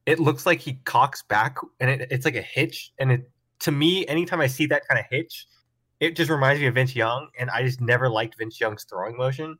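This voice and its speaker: A man's voice: mid-range voice, brisk, a bit bright. A man hosting a casual sports podcast, chatting in a laid-back way and hedging his opinions with lots of "like". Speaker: podcast host.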